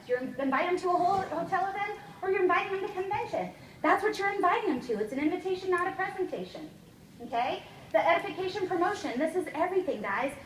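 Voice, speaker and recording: A woman giving an energetic, emphatic motivational seminar talk as a sales trainer, constantly checking in with her listeners. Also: very high voice, slight background noise. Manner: energetic, emphatic, keeps checking in with "okay?" and "guys". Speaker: network marketing trainer. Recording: echoey room, voice from far off, faint ambience.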